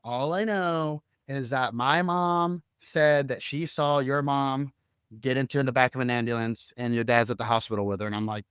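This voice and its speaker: A man's voice: mid-range voice, fairly even intonation, moderate pace, a bit bright, smooth, no room sound, studio quality. A young adult man co-hosting a podcast, telling a personal story casually and animatedly, full of fillers and acted-out quotes. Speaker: podcast co-host.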